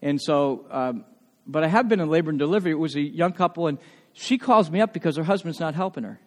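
A man preaching a sermon as pastor, telling stories in an animated way and often restarting his words. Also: on the high side, fast, long reverb tail. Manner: animated storytelling with frequent restarts.

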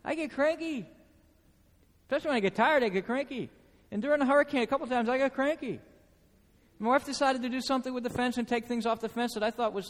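A man's voice: extremely high pitch, fast. A man preaching a sermon to his congregation, emphatic, repeating key phrases and asking the room questions. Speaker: pastor. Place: church sanctuary. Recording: reverberant church hall.

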